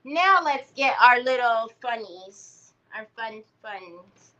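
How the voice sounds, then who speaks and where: A woman's voice: on the high side, lively intonation, slow, bright, forceful tone, lo-fi sound, a little hiss or hum. A middle-aged woman, chatting and telling stories to viewers while crafting on a live stream. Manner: chatty storytelling, talks to viewers. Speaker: craft livestream host. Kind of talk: casual chat while crafting.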